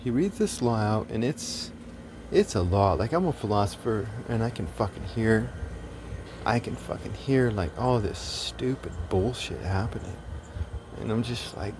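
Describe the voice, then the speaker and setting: A soft-voiced man telling a story in a casual monologue, swearing a lot and sounding exasperated, with many restarts. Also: on the low side, lively intonation, a little slow, noisy background. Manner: profane, exasperated ranting with frequent restarts. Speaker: self-described philosopher telling a story.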